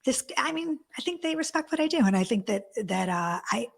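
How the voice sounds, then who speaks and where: Husky-voiced woman, candid and emotional. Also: on the high side, very animated, a little fast. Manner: open, emotional, casually swearing, many restarts. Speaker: relationship coach, guest. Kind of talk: candid interview conversation.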